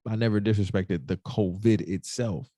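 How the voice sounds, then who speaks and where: A man's voice: fairly low pitch, moderate pace, warm tone, no room sound. A man hosting a podcast, telling a personal story in casual, emotional speech, repeating himself and calling listeners y'all and bro. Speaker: podcast host.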